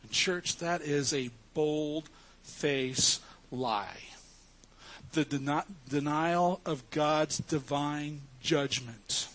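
Man, pastor, sermon, slow delivery, slightly high voice, emphatic. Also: a bit bright. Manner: emphatic preaching, addresses the congregation as church.

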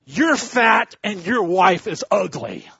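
A man's voice: high-pitched, sing-song, takes it slowly, vocal fry, fairly bright tone, breathy edge, no room sound, pitched above the performer's own voice, full character voice. A man voicing a rude, grumpy talking parrot from a pet store in a joke, in a squawky put-on voice, recorded dull and dry. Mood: taunting.

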